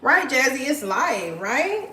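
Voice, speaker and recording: A woman's voice: high voice, sing-song, slow pace, bright, forceful tone, a little hiss or hum. Chatty encouraging woman in echoey room. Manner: chatty, encouraging, repeats phrases. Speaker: live-stream host. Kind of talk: casual chat reading viewer comments. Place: at home while cleaning.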